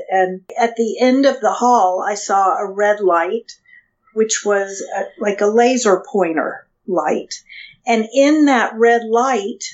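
A woman being interviewed as a guest, telling a personal story in a halting way with frequent restarts. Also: mid-range voice, a little mellow. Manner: hesitant, halting with restarts and fillers. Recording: dull lo-fi sound.

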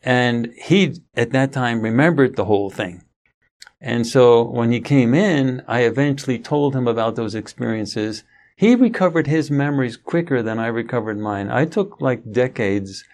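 In an interview, a middle-aged man gives a long, rambling account full of restarts, in a conversational storytelling style. His voice sits at medium pitch, darkish in tone, at normal speed.

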